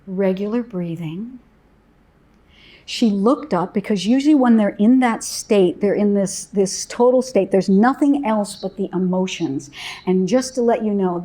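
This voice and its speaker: Soothing woman speaker for a parent talk, calm and warm-paced storytelling. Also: medium pitch. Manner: gentle, soothing storyteller with soft pauses. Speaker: parent educator.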